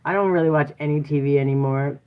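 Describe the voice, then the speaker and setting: Relaxed live-stream host, woman, low voice, chatty and laughing, thin phone-quality audio. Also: fast talker, very noisy. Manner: chatty, laughs often, talks to viewers and her daughter. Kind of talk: casual live chat.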